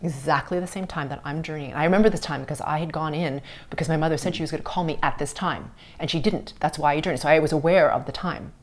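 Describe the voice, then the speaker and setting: Podcast host, woman, middle-aged, low-pitched, earnest storyteller who slips into soft whispers. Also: quick pace, hardly any pauses. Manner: earnest, drops to soft whispers at tender moments. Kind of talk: personal storytelling on a spiritual podcast.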